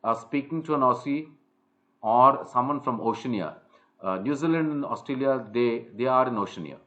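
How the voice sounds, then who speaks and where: A man's voice: medium pitch, animated, moderate pace, fairly bright tone. Indian man lecturing, muffled audio. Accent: Indian English. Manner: lecturing, many fillers and restarts. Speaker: soft skills trainer. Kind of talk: one-on-one coaching call.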